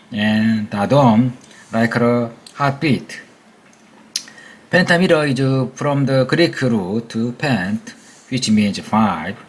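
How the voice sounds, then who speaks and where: A Korean man with a Korean accent, a native Korean speaker, reading an English textbook aloud for practice in a careful, halting way with hesitations and slips. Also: mid-range voice, slightly rough. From South Korea.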